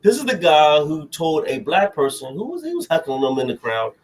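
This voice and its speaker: A man's voice: a little high, very animated, fairly quick. A young man co-hosting a podcast, ranting animatedly through heated political banter and cutting in with "hold on". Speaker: podcast co-host.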